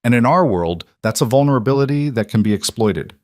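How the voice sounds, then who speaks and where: A man's voice: medium pitch, animated, fairly quick, no room sound, clean studio sound, natural voice. A man reading a grave formal bodyguard. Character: serious loyal male bodyguard. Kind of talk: audiobook character reading.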